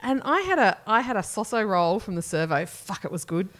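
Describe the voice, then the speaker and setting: Rambling Australian woman, lively pitch. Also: brisk. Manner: rambling storytelling, swearing, acts out family members. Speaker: podcast co-host. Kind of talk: casual chat.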